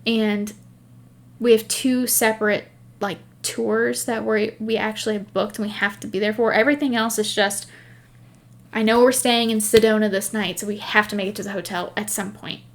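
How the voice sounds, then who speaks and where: A woman's voice: medium pitch, steady tone, moderate pace. A woman hosting a knitting podcast, chatting casually and rambling through stories while laughing at herself. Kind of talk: casual chat.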